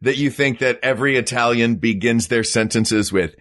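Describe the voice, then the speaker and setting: A man's voice: mid-range voice, moderate pace, fairly bright tone. A man co-hosting a comedy podcast, teasing his partner and laughing easily. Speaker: podcast co-host.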